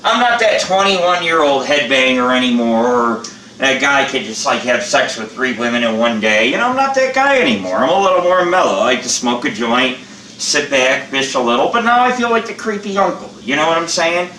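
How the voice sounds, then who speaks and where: A man's voice: mid-range voice, very animated, normal speed, sharp tone, roomy sound, recorded from a distance, slight background noise, rough recording. An older man who is a channel host, chatting bluntly and rambling with plenty of swearing in a casual how-to vlog.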